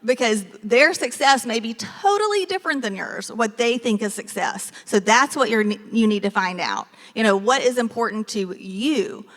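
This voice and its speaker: A woman's voice: a little high, animated, moderate pace, few pauses, a bit bright. A woman on stage giving a motivational talk in an earnest storytelling manner. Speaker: real estate team leader speaking on stage. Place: large conference hall. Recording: long reverb of a large hall.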